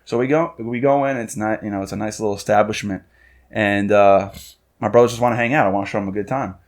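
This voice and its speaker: A man's voice: fairly low pitch, fast talker. A man in his thirties, a podcast host, telling a story in a loose, profane chat and acting out what people said. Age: 30s. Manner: profane, animated storytelling with acted-out quotes. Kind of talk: casual chat.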